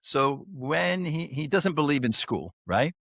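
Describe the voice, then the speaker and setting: A man's voice: fairly high pitch, animated, unhurried, gravelly, a bit bright, no room sound, clean studio sound. A man hosting a podcast, telling stories in a casual, rambling way, laughing often and tagging "right?" onto his sentences. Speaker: podcast host. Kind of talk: casual storytelling chat.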